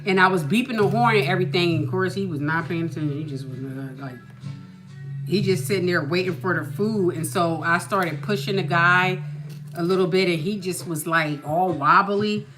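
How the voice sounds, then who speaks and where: A woman hosting a podcast, telling a story in a casual, animated way and asking "you know what I mean" often. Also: fairly low pitch, normal speed, music in the background. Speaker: podcast host.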